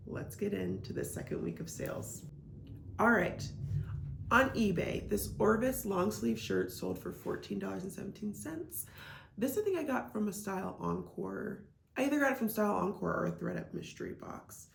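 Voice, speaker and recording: A woman's voice: medium pitch, very animated, moderate pace, creaky, a little hiss or hum. A woman from Iowa, chatting casually as a reselling vlogger, full of "like" and "um" fillers. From Iowa, United States. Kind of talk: casual vlog chat. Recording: echoey room.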